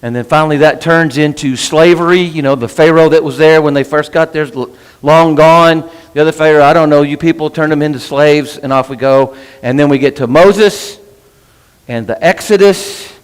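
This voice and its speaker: A man's voice: on the high side, normal speed, clean tone, long reverb tail. A man teaching a casual Bible class in church, chatty, breaking off his own sentences and asking "right?" often. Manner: chatty, self-interrupting, asks "right?" often. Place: church meeting room.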